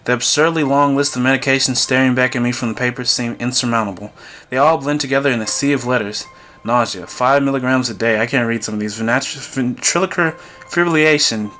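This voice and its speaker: A man's voice: mid-range voice, brisk, pushed and bright, soft background music. A man reading a visual novel aloud for a gaming video, breaking off for jokey asides and chuckles. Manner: jokey asides, chuckles between read lines.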